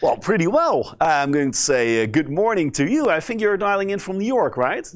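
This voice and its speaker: A man moderating a conference session, chatty and easygoing, with many filler pauses. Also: sits high, sing-song.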